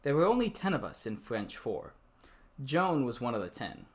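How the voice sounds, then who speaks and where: A man's voice: medium pitch, very animated, normal speed. Amateur male reader, mocking, sarcastic, prone to swearing. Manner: sarcastic, swearing asides that break off the reading. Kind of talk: mocking dramatic reading.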